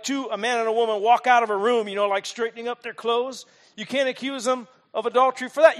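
A male pastor preaching with a high, very lively voice. He tells stories with humor and keeps checking in with rhetorical questions. His pitch swings widely from line to line. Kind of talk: sermon.

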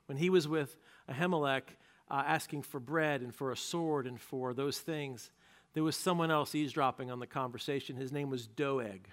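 A male pastor preaching a sermon, retelling a story with animated narration and acted-out quotes. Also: medium pitch.

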